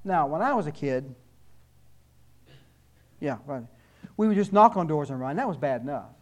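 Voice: mid-range voice, lively intonation, moderate pace. Informal talk: conversational speaker warning an audience, stumbling restarts, dry humor, mid-range voice. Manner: conversational, repeats words when starting sentences, wry asides.

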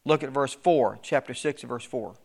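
A man's voice: mid-range voice, normal speed, vocal fry, a little mellow. A man teaching a verse-by-verse Bible study, reading scripture aloud with rising emphasis, then explaining it in plain talk with frequent repeated words. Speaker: preacher.

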